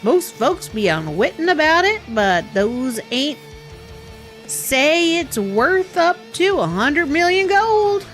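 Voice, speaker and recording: A woman's voice: sits high, sing-song, slow, fairly bright tone, soft background music, full character voice. A woman voicing a boisterous old male pirate captain, in a hearty drawling pirate manner, reading game dialogue aloud. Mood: boastful.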